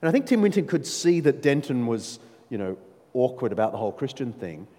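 A man preaching a sermon, emphatic and animated, with playful asides to his listeners. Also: medium pitch, brisk. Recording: long reverb of a large hall.

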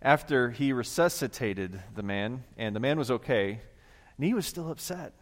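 A man, a pastor delivering a conversational sermon in a church, growing animated as he retells a story. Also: medium pitch, normal speed. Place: church sanctuary. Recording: long hall reverb.

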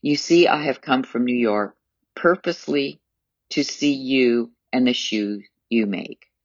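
A man's voice: medium pitch, unhurried, no echo. Poised, commanding woman customer, read by a male narrator, dull, muffled sound. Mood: polite, commanding. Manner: polite but commanding. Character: insistent, composed woman customer, middle-aged. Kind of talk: audiobook memoir reading.

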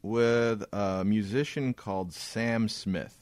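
A man's voice: fairly low pitch, slow, darkish tone, clear, resonant tone, dry recording, studio quality. A man co-hosting a casual podcast, talking in a rambling, emphatic way with frequent swearing. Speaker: podcast co-host.

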